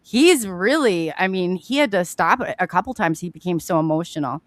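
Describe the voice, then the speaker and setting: A woman's voice: on the low side, animated, a little fast, no echo. Chatty woman host with dry sound. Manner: chatty, lots of fillers and laughter. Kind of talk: casual conversation.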